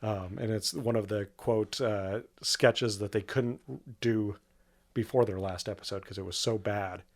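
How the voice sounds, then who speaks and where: A man's voice: lowish voice, measured pace, a little mellow. A man co-hosting a podcast in casual chat, easygoing and hesitant, with frequent fillers. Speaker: podcast co-host.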